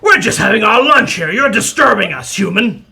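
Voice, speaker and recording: A man's voice: high-pitched, big pitch swings, moderate pace, gravelly, pushed and bright, slightly rough, pitched above the performer's own voice, exaggerated voice. A man voicing a large, refined troll who takes offense easily and speaks in an indignant, mock-offended manner. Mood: annoyed.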